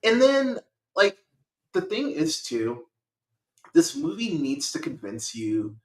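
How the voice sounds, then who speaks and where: A man hosting a podcast, reviewing a movie in casual chat with animated, profane rants. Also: fairly high pitch, takes it slowly, reverberant, low-quality recording. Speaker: podcast host.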